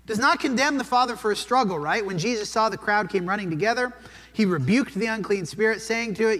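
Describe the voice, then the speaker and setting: A man's voice: high-pitched, a little fast, a bit bright. A man preaching a sermon in a conversational way, often checking in with "right?". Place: church sanctuary. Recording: long church hall reverb.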